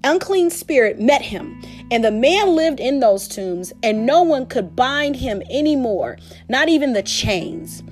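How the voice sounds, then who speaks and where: Animated woman teaching scripture. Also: high voice, a little slow, faint music behind. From Detroit, USA. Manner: animated, laughing, slangy storytelling. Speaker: podcast host. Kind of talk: casual Bible teaching.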